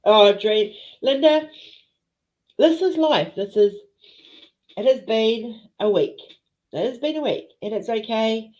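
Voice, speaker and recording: A woman's voice: on the high side, animated, slow, pauses often, a little mellow. A woman hosting a casual live chat with viewers, emotional and teary, greeting people by name. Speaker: livestream host. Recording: dull lo-fi stream audio.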